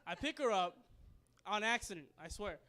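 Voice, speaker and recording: A man's voice: high voice, animated, normal speed, pushed and bright. A young man doing a stand-up comedy set, loose and crude, rambling and laughing at his own jokes. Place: comedy club stage.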